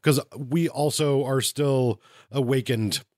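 Profane, animated man retelling game lore. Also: mid-range voice, slow, no room sound, studio quality. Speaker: podcast co-host. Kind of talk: casual chat about tabletop game lore.

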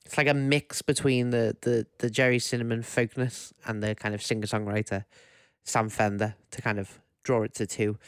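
Chatty male podcast co-host with a Liverpool accent, smooth mid voice. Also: mid-range voice, flat delivery, moderate pace, few pauses, dry recording, clean studio sound. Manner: joking, teasing, chatty. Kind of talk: casual podcast chat.

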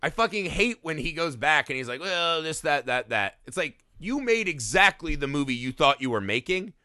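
A man's voice: on the high side, brisk, no echo, clean studio sound. A man co-hosting a casual film podcast, swearing freely and acting out scenes in goofy voices. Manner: profane, excitable, acts out scenes in silly voices. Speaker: podcast co-host.

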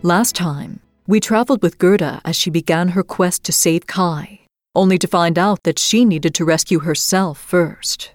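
A woman with a lowish voice narrates a fairy tale as a storytelling host, reading in a measured and expressive way. The sound is dry and close, with no room around it. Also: dry recording, faint music behind.

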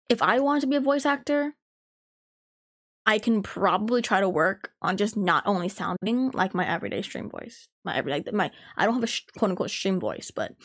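A woman's voice: mid-range voice, dry recording, clean studio sound. A young adult woman in casual podcast chat, rambling and swearing freely with lots of filler words.

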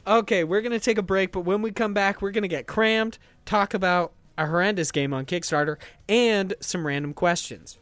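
A man's voice: high voice, normal speed, hardly any pauses, a bit bright, no room sound. A man hosting a games podcast, talking casually and with enthusiasm, with many fillers. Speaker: podcast host.

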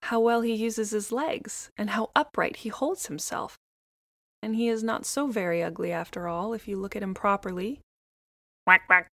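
A woman's voice: medium pitch, normal speed, dry recording, studio quality, natural voice. A woman voicing a fussy, proud mother duck in a storybook reading, her voice slightly raised.

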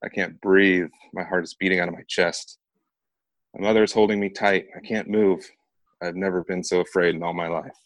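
A man's voice: sits low, fairly even intonation, moderate pace, no echo, lightly acted. A man voicing a terrified young woman pleading. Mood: frightened.

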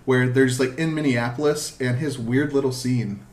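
A man's voice: medium pitch, fairly even intonation, normal speed, darkish tone, echoey room. A man co-hosting a casual movie podcast, rambling with many fillers. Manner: rambling, lots of "like". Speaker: podcast co-host. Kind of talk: casual chat.

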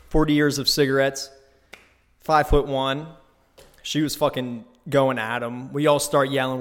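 A man hosting his own podcast, telling a trip story in a casual, profane, animated way from a new, unfurnished home studio. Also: mid-range voice, measured pace. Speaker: podcast host. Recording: echoey bare room.

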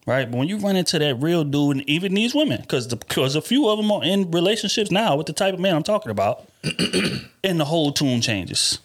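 A man's voice: on the high side, sing-song, fairly quick. A man hosting a podcast, talking about dating in an emphatic, profane, casual way. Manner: emphatic, profane, talks over others. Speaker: podcast host.

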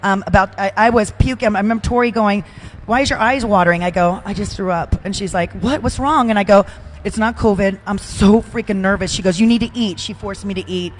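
An older woman talking casually as a guest, chatty and openly emotional, poking fun at herself. Her voice sits at a middle pitch and swings up and down as she tells stories. A faint hiss runs underneath. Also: a little fast. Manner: chatty, emotional, self-deprecating. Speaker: podcast guest. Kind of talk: casual chat.

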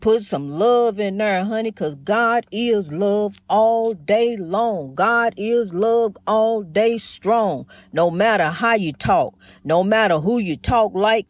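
A woman's voice: fairly high pitch, no echo, studio quality. A woman hosting her own program in a casual, rambling spiritual monologue, folksy and preachy, calling her listeners honey. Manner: preachy, praising God. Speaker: host of a motivational program.

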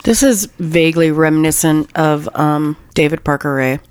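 A woman's voice: low voice, normal speed, darkish tone, clear, resonant tone. A woman co-hosting a casual true crime podcast, recounting a case with anger and heavy swearing. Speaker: podcast co-host.

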